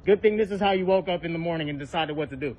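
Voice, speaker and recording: A man with a high voice argues hotly on a residential street, cursing and firing off demands. It is a phone recording made outdoors, with faint street noise behind him. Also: rapid-fire, darkish tone, dull audio. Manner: angry, profane, confrontational. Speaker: person filming a confrontation. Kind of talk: heated street argument. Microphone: phone held while filming.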